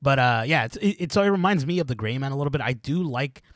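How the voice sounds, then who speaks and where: A man's voice: medium pitch, animated, quick pace, no echo. A man co-hosting a podcast in casual chat, rambling, restarting his sentences and often breaking into laughter. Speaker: podcast co-host.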